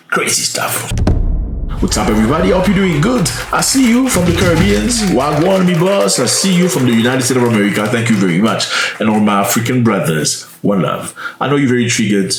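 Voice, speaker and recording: A man hosting a casual commentary, lively and expressive, now and then dropping to a hushed aside. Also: mid-range voice, fairly quick, background noise. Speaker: commentary channel host. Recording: roomy echo, slightly distant mic, faint music.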